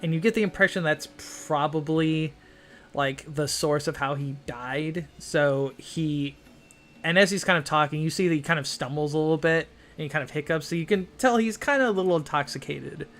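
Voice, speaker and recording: A man's voice: fairly high pitch, moderate pace, fairly bright tone, faint music behind. A man narrating as game master of a tabletop game, rambling with many fillers and hedges.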